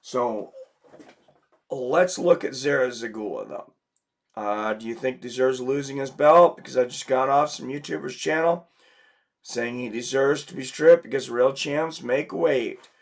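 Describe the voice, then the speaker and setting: A man's voice: mid-range voice, a little slow, vocal fry. A man who is sick and losing his voice, hosting a casual livestream and talking through viewer comments in a rambling way. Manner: rambling, filler-heavy. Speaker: livestream host.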